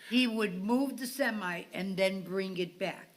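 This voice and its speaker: A woman's voice: medium pitch, measured pace. A woman council member responding in a pointed, matter-of-fact way during a town council meeting.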